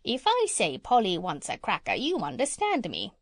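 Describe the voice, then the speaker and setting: A woman's voice: wildly swooping pitch, no echo, studio quality, full character voice. Polynesia, a woman doing a bossy clever parrot. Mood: lecturing. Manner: brisk, lecturing, with high squawks. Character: clever bossy female parrot, proud and knowing.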